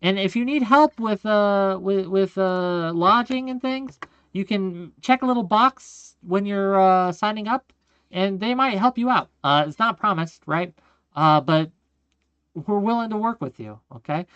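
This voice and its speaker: A man's voice: sits high, unhurried, smooth, dry recording, highs cut off. Fired-up man ranting on a livestream. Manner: forceful, repetitive, keeps asking "okay?" and calling the audience "gang". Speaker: streamer and political commentator. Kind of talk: livestream political rant.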